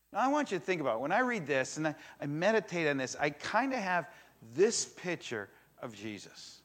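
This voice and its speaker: Older guy pastor preaching in church, kinda high voice, really animated storyteller. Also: normal speed. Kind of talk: sermon. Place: church in front of a congregation.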